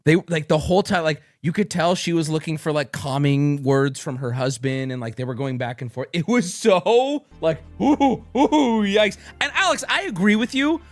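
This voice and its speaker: A young man streaming, telling a story to his chat in a casual, profane way with loud outbursts. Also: fairly high pitch, normal speed, few pauses, no echo, soft background music.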